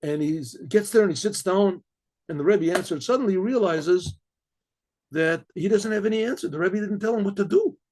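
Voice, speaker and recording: A middle-aged rabbi telling a story aloud, with frequent throat clearing and many repeated, restarted words. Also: male voice, sits high, brisk, a little mellow. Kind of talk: spoken story narration.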